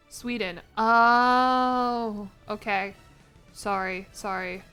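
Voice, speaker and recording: A woman's voice: on the high side, fairly even intonation, measured pace, fairly bright tone, smooth, faint music behind. A young woman streaming a game, talking casually and laughing at her own mistakes, often apologizing. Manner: self-deprecating, laughing, apologetic. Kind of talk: casual live-stream commentary.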